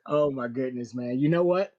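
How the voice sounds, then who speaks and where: A man's voice: medium pitch, a little mellow, dull audio. A man co-hosting a podcast, tossing in profane remarks in casual chat. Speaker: podcast co-host.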